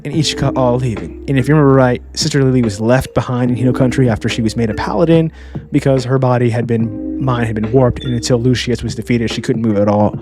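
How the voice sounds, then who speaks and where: A man casually recapping an anime for his channel, chatty, and often adding "all right?" as a tag. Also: mid-range voice. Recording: clear background music.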